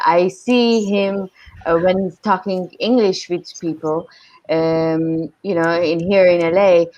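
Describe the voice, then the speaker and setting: A woman's voice: lowish voice, dull audio. A woman co-hosting a casual podcast, speaking in a chatty, opinionated way with frequent fillers. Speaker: podcast co-host.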